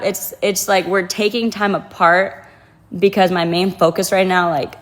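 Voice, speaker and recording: A young woman telling an upsetting personal story as a guest. She talks in a casual, emotional way and fills her speech with "like". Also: on the low side. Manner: heavy use of "like", emotional and restless. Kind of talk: casual confessional account.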